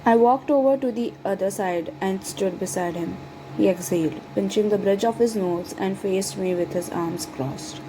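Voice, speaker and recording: A woman reading a first-person romance story aloud in a dramatic, lovestruck manner, over steady background noise. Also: medium pitch, normal speed. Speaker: fan fiction reader.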